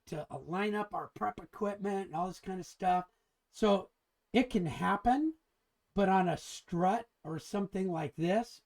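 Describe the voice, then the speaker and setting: Guy teaching a drafting class, super enthusiastic, chatty and kinda rambling. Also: sits high. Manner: enthusiastic and chatty, keeps calling things cool; rambling, with many restarts. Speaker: engineering drafting instructor. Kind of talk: casual online class lecture.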